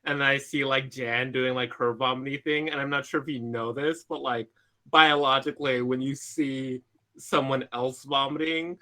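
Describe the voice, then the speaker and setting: Bright-voiced hesitant man. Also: medium pitch, steady tone, moderate pace. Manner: hesitant, filler-heavy. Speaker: player. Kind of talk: casual game chat.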